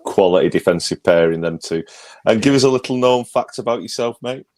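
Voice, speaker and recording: A man's voice: on the low side, a little fast, darkish tone. A man co-hosting a podcast, trading teasing banter. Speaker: podcast co-host. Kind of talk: casual chat.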